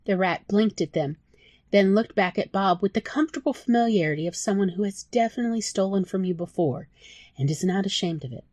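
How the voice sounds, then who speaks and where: A woman narrating her own story in a soft, emotional audiobook style. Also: mid-range voice, brisk, no echo. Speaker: author reading own story.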